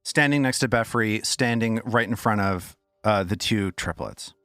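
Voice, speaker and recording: A man's voice: lowish voice, a little slow, pushed and bright, no room sound, clean studio sound, soft background music. A man narrating a tabletop game as game master, with loose descriptive speech.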